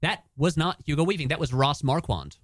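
A man's voice: fairly high pitch, lively intonation, fairly quick, no room sound, studio quality. A man in casual film chat with friends, hesitant at first, then emphatic about what he noticed. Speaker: podcast co-host.

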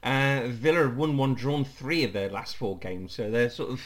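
A man's voice: mid-range voice, moderate pace. A man hosting a casual podcast chat. He is chatty and laughs often. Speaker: podcast host.

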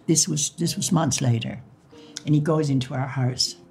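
An older Irish woman recounts memories in an interview, a lively storyteller who acts out old conversations and laughs now and then. Her deep voice moves at normal speed over soft background music.

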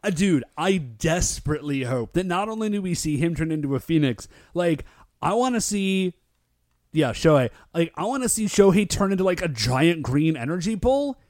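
A male podcast co-host in a casual recap chat, excitable and full of "like" fillers. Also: a little high, normal speed, dry recording, clean studio sound. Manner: excitable, filler-heavy with lots of "like".

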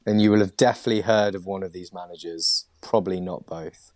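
कम आवाज़ वाला बातूनी पुरुष होस्ट, खेल पॉडकास्ट पर क्विज़ पूछता है, रिकॉर्डिंग सूखी और नज़दीक।. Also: male voice, low voice, steady tone, fairly quick, darkish tone, no echo. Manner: chatty, laughs often, many fillers. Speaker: podcast host and quizmaster. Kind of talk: casual sports chat.

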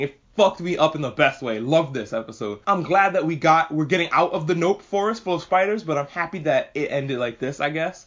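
A man giving a casual spoken anime review, excitable and profane, gushing over what he watched. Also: a little high, fairly quick, hardly any pauses. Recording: dull lo-fi recording.

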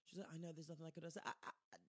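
A man's voice: on the high side, very fast, no room sound, clean studio sound. A man telling a story in casual chat, acting out the people he quotes. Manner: animated, acts out quoted voices, slangy.

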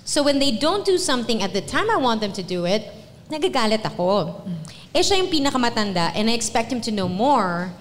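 A Filipino woman co-hosting a podcast in front of a live audience, talking in an animated way and slipping Tagalog phrases into her English. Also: on the high side, fairly quick. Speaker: podcast co-host. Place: live show venue. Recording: long reverb of a live venue.

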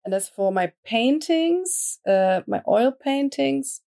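A woman answers interview questions at an unhurried, thoughtful pace. Her voice is warm and mellow, never bright. She often stops to search for the right word. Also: sits high, expressive, gravelly. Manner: thoughtful, searching for words, frequent fillers. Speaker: interview guest, comic artist and painter. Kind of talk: casual interview conversation.

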